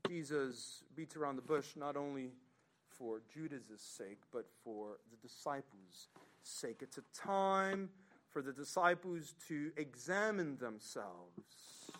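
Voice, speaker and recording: A male pastor preaching a sermon, slow and dramatic, swinging between loud emphasis and hushed, low passages. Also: lively intonation, a little hiss or hum.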